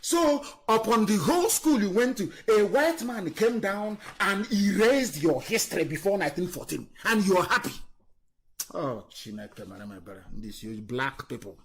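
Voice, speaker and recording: A man giving an impassioned political speech on a live broadcast, scornful and fiery, swinging from loud declarations to low muttering. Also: animated, normal speed. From Nigeria. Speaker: activist leader on a live broadcast.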